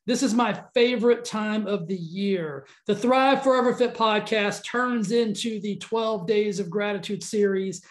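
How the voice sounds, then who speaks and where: Southern guy hosting a podcast, excited and rambly, roomy echo. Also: high-pitched, measured pace, few pauses. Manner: upbeat, rambling, enthusiastic. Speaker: podcast host. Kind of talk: casual interview chat. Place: California.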